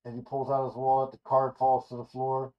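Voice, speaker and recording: A man reading a rough draft screenplay aloud in a loose, ad-libbing way, correcting himself with casual asides, in a dull lo-fi recording. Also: mid-range voice, completely flat delivery, brisk. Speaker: screenplay reader.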